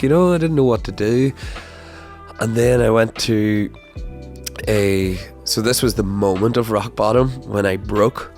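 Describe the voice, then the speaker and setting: A young man hosting a podcast, telling a personal story in a casual, rambling way, full of fillers, restarts and swearing. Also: on the low side. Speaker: podcast host.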